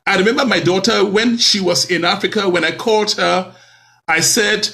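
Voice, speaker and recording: A man hosting a talk show, speaking in a lively, preacherly way with many rhetorical questions. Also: high voice, normal speed, vocal fry. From Cameroon.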